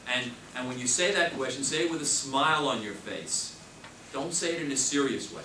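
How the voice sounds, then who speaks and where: Male trainer, forceful coaching delivery, recorded from across an echoey room with background noise. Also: medium pitch, normal speed. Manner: emphatic, repeats key phrases, coaching tone. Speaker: real estate sales trainer. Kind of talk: classroom training talk. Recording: echoey room, mic far off, noisy.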